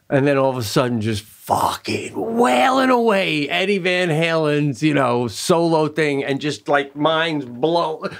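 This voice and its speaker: A man's voice: mid-range voice, moderate pace, creaky. A man co-hosting a casual comedic chat, riffing playfully and laughing often, with plenty of swearing. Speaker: podcast co-host.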